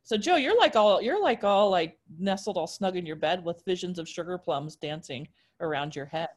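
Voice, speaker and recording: A woman's voice: lowish voice, lively intonation, normal speed. A woman hosting a casual podcast chat over a video call, chatty and laughing easily, with plenty of ums. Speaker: podcast host and arts editor.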